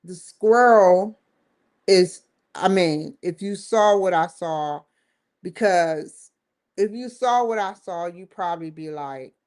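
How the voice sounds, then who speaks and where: A woman's voice: lowish voice, slow, darkish tone. A woman hosting her own show, giving an emphatic, rambling opinion commentary that circles back and repeats points. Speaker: show host.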